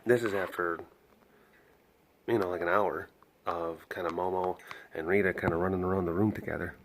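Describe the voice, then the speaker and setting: A young man with a somewhat low voice talks through updates in a loose, rambling vlog manner. He restarts sentences often and leans on fillers as he explains things to his viewers. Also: fairly even intonation, normal speed, a little hiss or hum. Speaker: animal sanctuary caretaker. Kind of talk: casual vlog talk.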